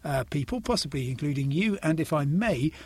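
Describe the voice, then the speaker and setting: An older man from England with a husky, slightly raised voice trades poems in casual conversation. He hesitates and restarts often, then reads verse at an unhurried pace. The sound is dry and close. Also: a little high, animated, no echo. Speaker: poetry reader in a conversation. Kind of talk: casual chat with poetry readings.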